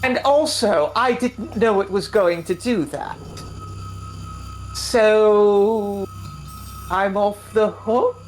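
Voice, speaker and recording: A woman's voice: medium pitch, extremely slow, pauses often, darkish tone, soft background music. A woman chatting on a gaming stream in a theatrical way, calling people darling. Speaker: stream guest. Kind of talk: casual chat.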